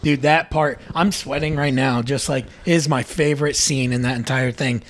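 A young man co-hosting a casual podcast, excitedly retelling scenes, swearing freely and acting out the quotes. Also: mid-range voice, moderate pace. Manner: excited, profane, acts out quotes. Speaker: podcast co-host.

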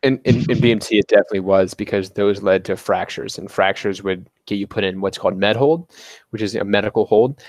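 A man's voice: fairly low pitch, brisk, no room sound. A young man, a podcast guest, casually telling a story and acting out the quoted lines. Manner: animated retelling with quoted dialogue.

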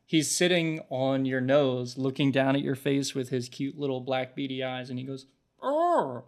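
A man's voice: medium pitch, little pitch movement, normal speed. A man narrating a tabletop game as game master, descriptive, often restarting his sentences.

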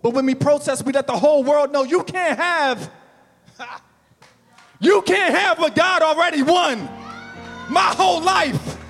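A male pastor preaching a sermon, building to shouts and slowing down for emphasis. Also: very high voice, gravelly, long reverb tail, soft background music.

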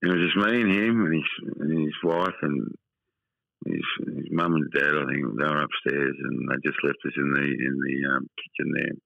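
A man's voice: rumbling low, normal speed, creaky, dry recording, dull audio. A middle-aged Australian man, a football writer guest, chatting bluntly in a casual interview and telling emotional stories with lots of repetition.

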